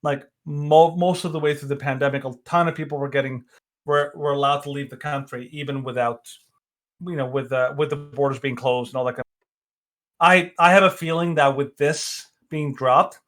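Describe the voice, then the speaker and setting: A man's voice: on the high side, steady tone, normal speed, fairly bright tone. A man co-hosting a casual podcast, rambling with restarts and frequent laughs. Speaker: podcast co-host.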